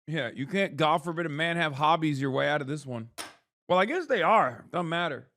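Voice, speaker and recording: A man in his thirties doing casual political commentary as a streamer, sarcastic and quick to swear, rattling through headlines. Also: fairly high pitch, lively intonation, fairly bright tone, slight background noise.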